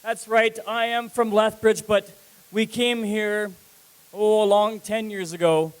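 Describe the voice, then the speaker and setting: High-voiced stand-up comic from Saskatchewan. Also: male voice, unhurried, poor audio. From Saskatchewan, Canada. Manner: energetic, riles up the crowd. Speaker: stand-up comedian. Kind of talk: live stand-up comedy. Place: comedy club stage.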